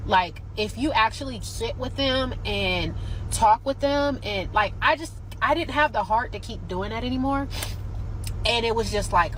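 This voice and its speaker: Woman, mid pitch, casual rambling storytelling, filler "like", faint street noise. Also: moderate pace, fairly bright tone, poor audio. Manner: rambling, heavy use of "like". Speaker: guest interviewee. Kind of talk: casual personal account.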